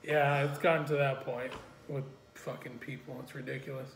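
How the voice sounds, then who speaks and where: A man's voice: medium pitch, little pitch movement, moderate pace, gravelly. A man co-hosting a podcast, talking casually and a bit profanely, mostly with short agreeing remarks. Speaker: podcast co-host. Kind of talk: casual chat. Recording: echoey room with faint noise, off-mic.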